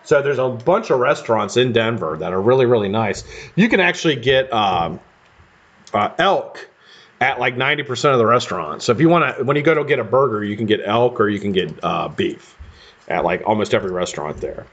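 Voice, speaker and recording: Animated American man, dull lo-fi stream. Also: medium pitch, brisk. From United States. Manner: rambling, chatty, swears casually. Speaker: live-stream host building vape coils. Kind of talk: casual live-stream chat while working.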